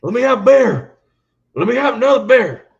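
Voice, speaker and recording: A man doing an impression of a gruff male wrestler, barking loud demands. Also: very high-pitched, very animated, moderate pace, lo-fi sound, pitched above the performer's own voice, heavily acted. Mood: shouting.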